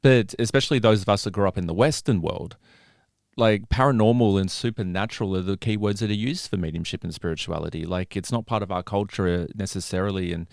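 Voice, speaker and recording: A man's voice: on the low side, quick pace, gravelly, no room sound, studio quality. A man in his late thirties with an Australian accent, chatting animatedly as a podcast guest. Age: 30s. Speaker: podcast guest, psychic medium. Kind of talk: casual podcast chat.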